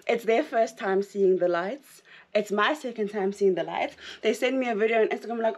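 A South African woman vlogging to camera in casual chat, excitable and rambling, often breaking into laughter. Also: mid-range voice, normal speed.

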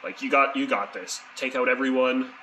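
A man rambling through a joking, deadpan video message to a friend. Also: mid-range voice, moderate pace, a little hiss or hum, low-quality recording.

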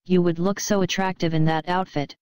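A woman's voice: lowish voice, level tone, fairly quick, darkish tone, smooth, no room sound, natural voice. Woman reading as a shy, bashful young god. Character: shy, anxious male god, courteous and bashful.

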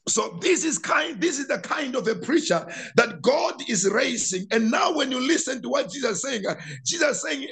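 A man with a rather high voice preaches a sermon as pastor. He delivers it with passion, stumbling and repeating words as he builds, and breaks into shouts at the height of his points. Church preaching style. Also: very animated, normal speed, vocal fry, hardly any pauses.

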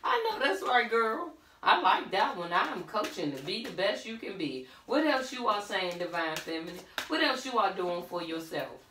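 A woman's voice: mid-range voice, animated, moderate pace, few pauses, sharp tone, distant mic, slight background noise. A woman doing a casual tarot reading, sassy and blunt, calling the listener honey and baby girl. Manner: sassy, blunt, calls listener pet names. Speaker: tarot reader. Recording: roomy echo, off-mic.

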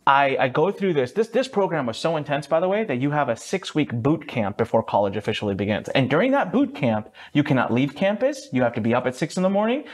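Animated man telling his story. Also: fast, hardly any pauses. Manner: lively, swings up high for quoted voices, mild swearing. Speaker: guest entrepreneur. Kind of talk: animated storytelling in a podcast interview.

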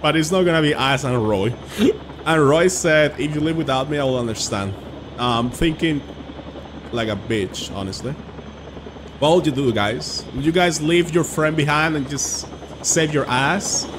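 A man's voice: on the high side, normal speed, noisy background. A chatty, joking male streamer. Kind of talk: live game commentary.

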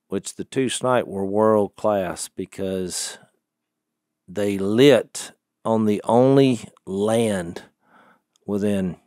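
Middle-aged male co-host, low-pitched, teasing and rambling. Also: a little mellow, no echo, studio quality. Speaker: podcast co-host. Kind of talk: casual chat.

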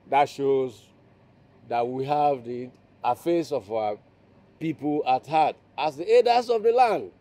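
A man's voice: medium pitch, mellow, close to an everyday voice. A man playing a solemn village elder. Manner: slow, formal speechmaking.

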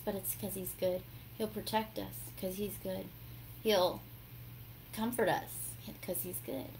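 A woman hosting a casual devotional talk, telling her story in an animated way and acting out the voices in it. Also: medium pitch, slight background noise, rough recording. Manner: animated storytelling, acts out quotes. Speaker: devotional host.

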